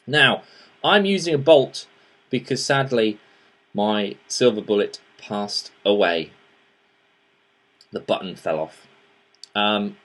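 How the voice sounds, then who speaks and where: A mid-range, fairly bright male voice carries a casual vaping-gear review in show-and-tell style. The host rambles, restarts, and fills gaps with filler words, then shifts to an earnest, pleading tone as he urges his audience to act.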